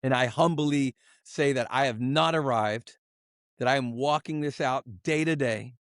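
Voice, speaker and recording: A middle-aged man giving a candid personal testimony as a podcast guest, earnest and confessional, halting with many fillers and restarts. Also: mid-range voice, a bit bright, no echo, clean studio sound. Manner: halting, full of "you know" fillers and restarts.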